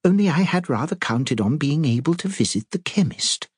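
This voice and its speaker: A man voicing an elderly woman sleuth who speaks softly, politely and apologetically. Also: a little high, lively intonation, normal speed, breathy edge, no room sound, clean studio sound, voice pushed up. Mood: gentle, apologetic. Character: elderly spinster sleuth, gentle and fluttery.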